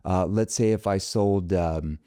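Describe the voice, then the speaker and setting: A man's voice: low-pitched, unhurried, warm tone, clear, resonant tone, dry recording, clean studio sound. A man talking as a sales trainer guest in a podcast interview, emphatic, acting out sample phone calls in an upbeat voice.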